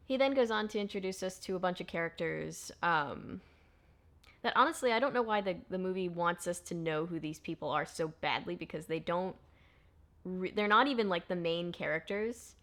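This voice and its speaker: A woman's voice: fairly low pitch, moderate pace. Sarcastic woman reviewing a film. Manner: sarcastic, chatty, deadpan jokes. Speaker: movie review host. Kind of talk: casual comedic commentary.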